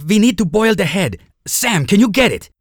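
A woman's voice: mid-range voice, big pitch swings, moderate pace, dry recording, studio quality. A woman voicing an urgent, commanding man who strains as he fights off a monster in a storybook reading.

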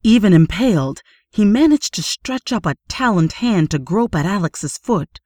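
A woman reading a horror story aloud in steady, measured audiobook narration. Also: medium pitch, dry recording, studio quality.

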